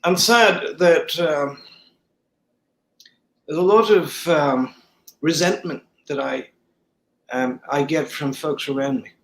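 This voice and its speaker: A man from the United States with a British-sounding accent, a guest talking hesitantly with many pauses. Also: fairly high pitch, low-quality recording. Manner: hesitant, many ums and restarts. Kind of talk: casual chat on a video call.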